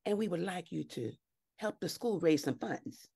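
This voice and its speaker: A woman's voice: lowish voice, animated, gravelly, mellow, husky, full character voice. A woman improvising a prim, hesitant school official with a put-on Southern accent. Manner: hesitant, halting. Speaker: improv performer. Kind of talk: live improv comedy scene.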